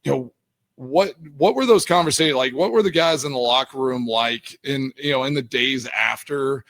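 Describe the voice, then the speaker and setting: A young adult man hosting a sports radio show, relaxed and full of fillers as he asks questions. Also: mid-range voice, normal speed. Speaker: radio host. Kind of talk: casual radio interview.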